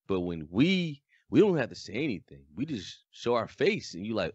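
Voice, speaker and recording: A man co-hosting a podcast in casual chat, talking in a flat, deadpan way. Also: fairly low pitch, normal speed, few pauses, dry recording, lo-fi sound. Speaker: podcast co-host.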